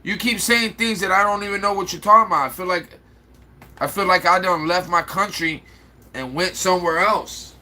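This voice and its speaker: Man, Chicago accent, livestream host, casual rambling chat, bright voice, fairly high pitch. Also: normal speed. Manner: animated, rambling, answers chat comments aloud.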